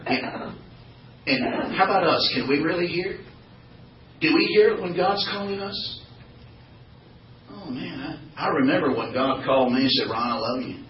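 A fairly high-pitched man delivers an informal sermon to a small Bible study group a little slowly, pausing often. He's animated, jokes and asks the group questions, and the recording is roomy, distant and dull.

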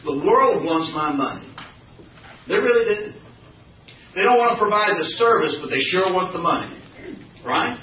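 A man giving a folksy, animated church talk full of anecdotes, calling on the congregation for responses. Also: high-pitched, a little hiss or hum. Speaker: church speaker. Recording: echoey hall from far off, dull sound.

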